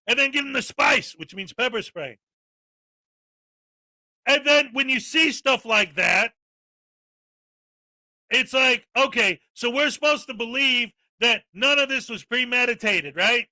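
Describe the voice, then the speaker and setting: A man's voice: very high-pitched, expressive, takes it slowly, pauses often, bright, forceful tone, no room sound. A man hosting a daily live-stream, ranting with indignant sarcasm. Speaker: live-stream commentary host.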